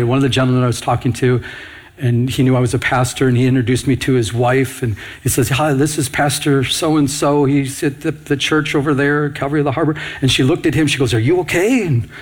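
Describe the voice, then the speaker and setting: A male pastor giving an earnest, urgent sermon, often restarting his sentences. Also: medium pitch.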